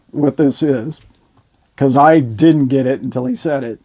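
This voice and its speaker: A man casually telling his viewers a story, acting out the quoted lines of the people in it. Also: mid-range voice. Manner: animated retelling, acting out quoted dialogue. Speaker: host.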